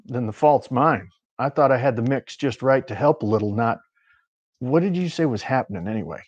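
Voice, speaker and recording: Ancient warlock, calm and measured, deep and clear; a man reads him. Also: no echo, highs cut off, lightly acted. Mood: folksy. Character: ancient male warlock posing as a folksy handyman. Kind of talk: audiobook reading.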